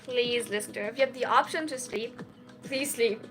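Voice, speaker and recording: A young woman chatting casually on a live stream, reading and answering chat messages in an excitable, tired way from a small dorm room. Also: fairly high pitch, moderate pace, music in the background. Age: young adult. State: sleep-deprived, tired.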